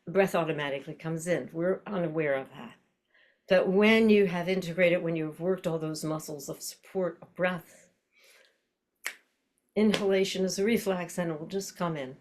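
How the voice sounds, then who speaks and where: A woman's voice: fairly low pitch, normal speed, darkish tone, a little hiss or hum. An older woman teaching an online voice class, explaining breath and posture and demonstrating with tongue-twisters and nonsense syllables.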